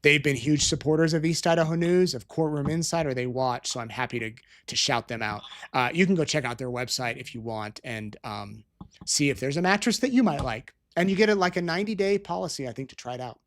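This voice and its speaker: A man's voice: on the high side, lively intonation, a little fast, a bit bright. Rambling, chatty middle-aged man hosting. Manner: rambling and chatty, with restarts and tangents. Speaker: show host. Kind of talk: casual live-stream chat. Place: Utah.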